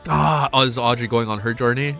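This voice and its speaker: A young man streaming to his chat, excitable and emotional, swearing often and reading chat messages aloud. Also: mid-range voice, quick pace, creaky, soft background music. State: emotional, close to tears. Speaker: streamer reacting to a web novel. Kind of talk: casual live-stream chat.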